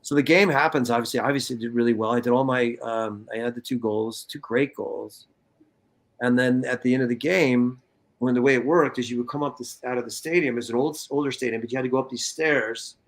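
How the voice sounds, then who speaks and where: A man in his fifties from California, telling stories in a casual interview, animated and profane, acting out what people said. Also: mid-range voice, a little fast. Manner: animated, profane, acts out quotes. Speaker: guest, former soccer player.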